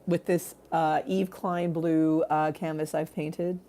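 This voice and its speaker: A woman chatting live from her phone, drifting from thought to thought and swearing casually as she reads out viewer comments. Her voice is low and mellow. She sounds loose and unscripted. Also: flat delivery, slow. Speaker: livestream host. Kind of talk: casual livestream chat.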